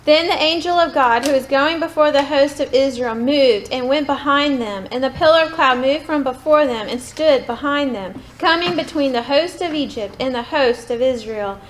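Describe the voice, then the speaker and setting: A woman reading scripture aloud in a steady, measured way. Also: sits high, slight background noise, rough recording. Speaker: scripture reader.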